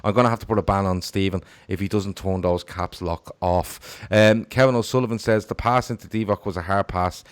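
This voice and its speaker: Deep-voiced man hosting a football chat. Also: fairly quick, hardly any pauses, clear, resonant tone. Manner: reads viewer comments aloud, animated. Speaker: podcast host.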